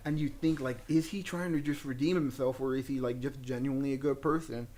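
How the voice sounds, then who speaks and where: A young man co-hosting a casual podcast, talking at an ordinary pitch. He retells film scenes with excitement and plenty of swearing, dropping into the characters' voices as he goes. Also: a little fast. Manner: excited, profane, acts out characters' lines. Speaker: podcast co-host. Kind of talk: casual movie review chat.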